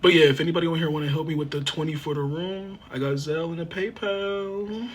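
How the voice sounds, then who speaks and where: A man's voice: on the high side, fairly even intonation, brisk, slightly rough. A man chatting on a phone livestream from a motel room, rambling, repetitive and swearing freely as he talks straight to his viewers. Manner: talks straight to chat, half joking. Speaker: livestreamer asking viewers for help. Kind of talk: casual livestream chat.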